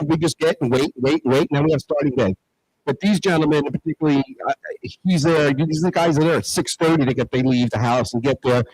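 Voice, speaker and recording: A man's voice: on the high side, darkish tone, poor audio. A man hosting a casual talk show, enthusiastic and full of fillers as he reads sponsor thanks. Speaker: show host. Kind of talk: casual chat.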